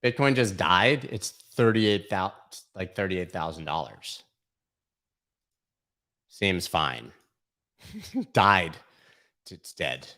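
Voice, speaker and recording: A man's voice: low-pitched, takes it slowly, long pauses, fairly bright tone. Profane, mocking crypto stream host, man. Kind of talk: casual livestream chart commentary.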